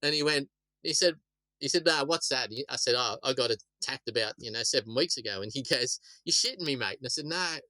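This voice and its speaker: A man's voice: medium pitch, a little fast, sharp tone, no echo, poor audio. A middle-aged Australian man, a shark attack survivor, telling stories casually in a rambling way, often repeating words. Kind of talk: casual storytelling interview.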